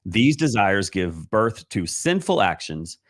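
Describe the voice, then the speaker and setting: A man speaks to pastors on a live stream as a Christian life coach, his voice sitting fairly low. He talks earnestly and rambles, restarting his sentences and filling the gaps with ums and uhs. The sound is dry and close, with no room around it. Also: sing-song, slow, dry recording.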